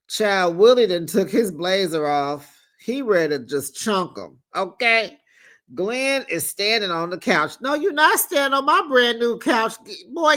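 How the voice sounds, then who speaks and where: A man hosting a casual reality TV recap, telling the story in an animated, sassy way and acting out the quotes. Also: fairly high pitch. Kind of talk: casual gossip recap commentary.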